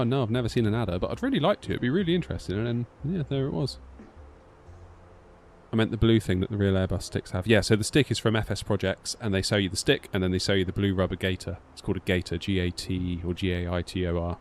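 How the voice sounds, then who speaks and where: A man's voice: low-pitched, fast, slight background noise. A British man in his thirties chatting casually to a live-stream audience, rambling with lots of filler like "sort of". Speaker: flight sim streamer.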